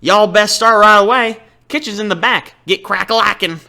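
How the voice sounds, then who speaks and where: A man's voice: high-pitched, moderate pace, gravelly, bright, forceful tone, voice pushed up, full character voice. A man doing a drawling Southern sushi chef. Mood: gruff. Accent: put-on Southern US. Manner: drawling, bossy. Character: gruff Southern American sushi bar owner.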